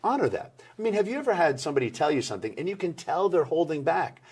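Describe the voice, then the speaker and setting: A middle-aged man giving energetic interview answers about workplace communication, acting out the people he quotes. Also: fairly high pitch, fast talker, husky. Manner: animated, acts out quoted people.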